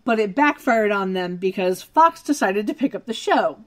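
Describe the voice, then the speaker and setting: A woman's voice: medium pitch, lively intonation, normal speed. A woman co-hosting a podcast, recapping a TV episode in casual chat with wry asides. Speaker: podcast co-host.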